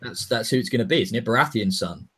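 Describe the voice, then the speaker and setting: A man co-hosting a podcast in casual chat, animated and jokey, talking in quick bursts. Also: on the low side, soft background music. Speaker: podcast co-host.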